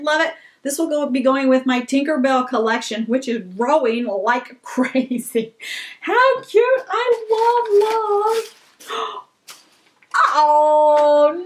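High-voiced, gushing woman. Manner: gushing, excitable, gasps and squeals. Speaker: vlogger opening fan mail. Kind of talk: casual chat.

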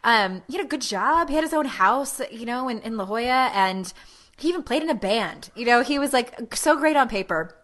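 A woman's voice: fairly high pitch, animated, moderate pace, fairly bright tone. A woman in her forties hosting a podcast, chatting candidly and laughing at herself. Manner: candid, laughing, self-deprecating. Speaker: podcast host. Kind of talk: casual podcast chat.

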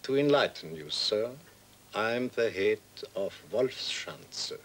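An actor playing a cynical old man in a wheelchair who speaks slowly and makes measured, cold threats in a film scene. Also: on the low side, expressive, slight background noise, low-quality recording. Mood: cold menace. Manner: slow, measured and coldly threatening. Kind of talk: feature film dialogue.

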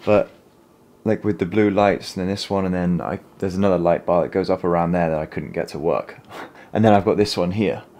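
A man's voice: deep voice, steady tone, a little fast, darkish tone. A man vlogging from his small home office, thinking aloud and rambling with self-corrections. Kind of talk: casual vlog talk.

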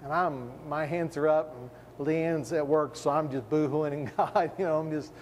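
A man preaching a sermon, firing off rhetorical questions with emphasis and sinking into a hushed tone for personal stories. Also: a little high, steady tone, normal speed, big-room sound, a little hiss or hum.

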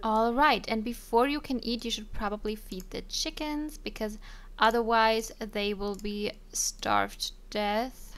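A woman's voice: fairly high pitch, expressive, measured pace, hardly any pauses. A young woman casually commenting on her life-simulation game, chatting to her characters with frequent ums and little laughs. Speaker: let's play streamer.

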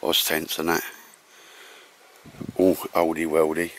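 Low-voiced male vlogger, slangy and chatty, recorded outdoors with light background noise. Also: completely flat delivery, slow, creaky. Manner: chatty, slangy, keeps saying ladies and gents. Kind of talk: casual camping vlog walkthrough. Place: outdoors at a campsite.

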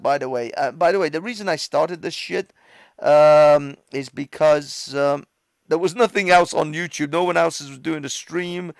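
A man's voice: on the high side, vocal fry, no echo. A man hosting a livestream with a London accent, ranting in casual commentary, swearing and laughing often in a mocking way. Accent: London English. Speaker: livestream host.

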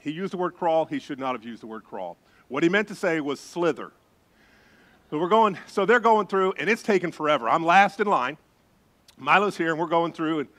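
Male pastor, slightly raised pitch, animated sermon storyteller who drops to a hush for suspense.

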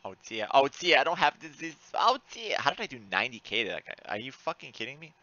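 A man giving live commentary while playing an online game, cursing often and swinging between frantic outbursts and low muttering. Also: big pitch swings, fast talker, bright, forceful tone, no room sound, highs cut off. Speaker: gaming streamer.

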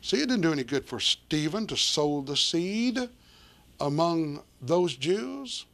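A man preaching with a fairly high-pitched voice. He reads old-fashioned scripture aloud, then turns and explains it in plain everyday words, addressing his listeners as folks. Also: big pitch swings, takes it slowly, gravelly, a bit bright. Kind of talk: sermon on scripture.

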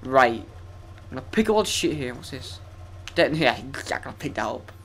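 A man's voice: medium pitch, big pitch swings, moderate pace, a bit bright, slight background noise. A young man giving profane, sarcastic, self-mocking commentary while playing a video game. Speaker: let's play gamer. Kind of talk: gameplay commentary.

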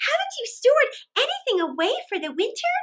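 Stern little storybook ants, as a woman reads them aloud, scolding in a high, sharp voice that swoops up and down with scorn. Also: huge pitch swings, brisk, exaggerated voice. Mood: indignant. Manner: indignant, scornful. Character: busy scolding ants, a stern hard-working group.

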